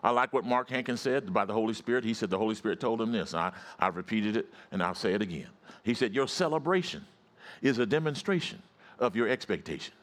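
A man preaching a sermon, telling stories and calling on the congregation to answer back, swinging from low storytelling to high rising exclamations. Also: animated, fast talker. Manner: repetitive, call-and-response preaching.

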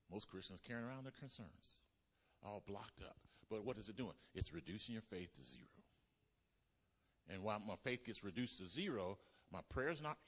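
Male pastor, sermon delivery, call-and-response, drops from emphatic to near-hushed; long hall reverb. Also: on the low side, husky.

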